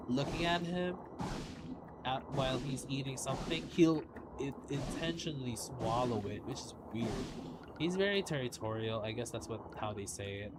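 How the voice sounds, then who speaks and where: A man's voice: fairly high pitch, heavy background noise. Rambling man chatting while gaming. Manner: rambling, chatty, swears casually. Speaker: streamer. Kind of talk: casual gameplay chat.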